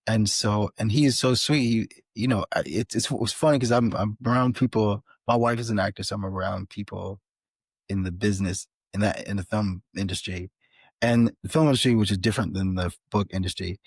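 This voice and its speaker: A man, a podcast guest, telling an animated story in a casual interview, with frequent restarts. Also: on the low side, fairly quick, slightly rough, no echo. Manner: animated, many restarts and fillers. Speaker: podcast guest, author and filmmaker.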